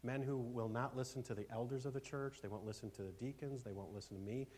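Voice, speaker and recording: A man preaching a sermon as pastor, speaking emphatically, asking for amens and swinging from loud declarations to hushed asides. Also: medium pitch, fairly even intonation, quick pace. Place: church.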